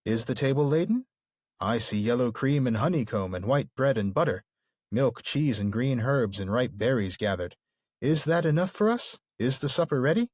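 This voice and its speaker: A man's voice: medium pitch, animated, normal speed, a little mellow, dry recording, clean studio sound, natural voice. A man voicing a merry old male nature spirit, reading the lines aloud in a rhythmic, sing-song way. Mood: hospitable. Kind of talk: reading a novel aloud on a podcast.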